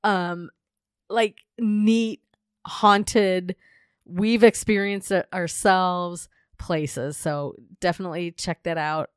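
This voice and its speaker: A woman co-hosting a paranormal-style chat show, her voice a bit low and hoarse because it is giving out. She talks in a relaxed, chatty way, close to the mic, and the sound is dry with no room around it. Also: slow pace, dry recording. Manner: chatty, laughs often, friendly promo reads. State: losing her voice. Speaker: podcast co-host. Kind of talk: casual podcast chat.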